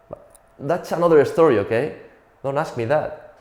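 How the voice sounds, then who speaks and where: Spanish accent guy doing standup, cursing a lot, mid pitch, roomy echo. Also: normal speed, darkish tone. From Spain. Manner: profane, self-mocking storytelling. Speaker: stand-up comedian. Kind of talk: stand-up comedy routine.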